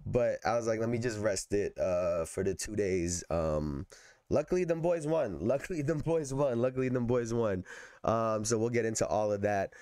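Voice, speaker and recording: A man hosting a podcast in a loose, laughing chat, his voice hoarse and still recovering, repeating his own lines as he goes. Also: fairly low pitch, lively intonation, normal speed, warm tone, no room sound. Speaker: podcast host. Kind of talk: casual chat.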